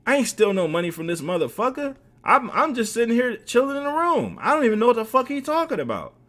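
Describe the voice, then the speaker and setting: A man's voice: very high voice, very animated, fairly bright tone, pitched above the performer's own voice, exaggerated voice. A man voicing a short young man accused of theft, denying it indignantly with curses. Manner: indignant, cursing, rapid denials.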